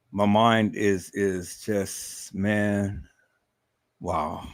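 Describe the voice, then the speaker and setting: A man's voice: on the low side, expressive, measured pace. A man hosting a livestream, talking emotionally and emphatically, repeating words and stammering as he addresses his viewers as "people". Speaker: live stream host.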